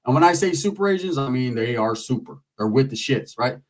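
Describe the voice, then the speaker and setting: Streetwise male storyteller, profane and lively, slightly high voice, distant mic. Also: fairly quick. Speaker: comedian telling a story. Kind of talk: casual comic storytelling.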